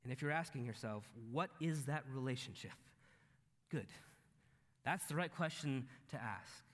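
A man preaching a sermon, swinging between loud emphatic peaks and low, intense stretches. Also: unhurried, in a large hall.

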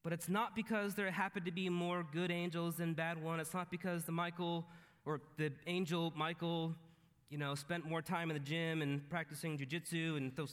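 A man preaching a sermon, swinging between loud emphatic peaks and low, intense stretches. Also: big-room sound.

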